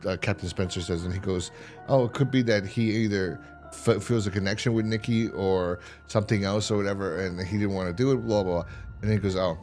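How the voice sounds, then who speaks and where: A man hosting a casual TV review, rambling and swearing as he acts out characters' lines in quick voices. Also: on the low side, fairly even intonation, darkish tone, faint music behind. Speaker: podcast host reviewing a TV series.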